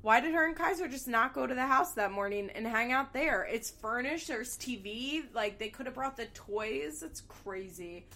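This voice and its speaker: A woman's voice: fairly high pitch, animated, moderate pace, few pauses, bright, forceful tone. A young woman casually recapping a reality show, candid and sarcastic, swearing freely as she gossips about the cast.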